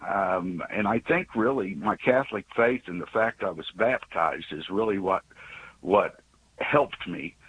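A man's voice: sits low, a little slow, muffled recording, slight background noise. A man in his sixties calling in to tell an earnest, rambling personal story, often stopping and restarting his sentences. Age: 60s. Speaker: caller.

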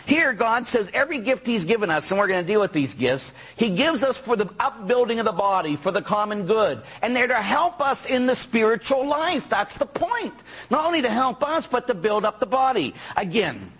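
Male priest, fairly high voice, slightly raspy, chatty storytelling sermon. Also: a bit bright. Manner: chatty storyteller, tags lines with "huh?"; acts out voices of people in his stories. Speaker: Catholic priest. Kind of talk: sermon told as personal stories.

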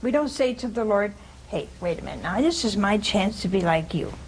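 A woman giving an informal scripture teaching to a small group, conversational and humorous, often pausing to ask her listeners "See?". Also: medium pitch, lively intonation, darkish tone, a little hiss or hum, low-quality recording. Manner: conversational, keeps asking "See?" and questioning listeners; homespun humor, laughs at her own jokes. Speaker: religious teacher.

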